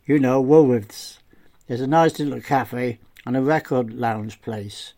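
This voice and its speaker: A man's voice: medium pitch, fairly even intonation, unhurried, warm tone, close to an everyday voice. A man voicing an easygoing older man who talks in a colloquial, rambling way in a story reading. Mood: chatty.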